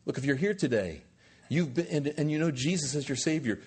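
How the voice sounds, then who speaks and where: Husky guy preaching, voice swings way up and down, lots of questions thrown at the room. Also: fairly high pitch, brisk. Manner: animated preaching, rising emphatic peaks, rhetorical questions. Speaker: pastor. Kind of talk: sermon.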